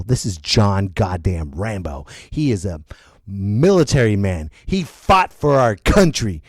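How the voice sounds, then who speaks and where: Animated, swearing male comedian. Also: on the low side, no room sound, clean studio sound. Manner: animated and exaggerated, profane. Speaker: comedian and podcast host. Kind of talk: comedic movie rant. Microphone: podcast mic.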